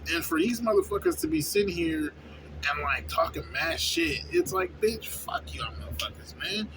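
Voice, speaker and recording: A young man who works at a fast-food place, venting in a casual, profane, rambling way and often asking "you know what I'm saying?". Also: high-pitched, huge pitch swings, vocal fry. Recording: noisy background with vehicle sounds.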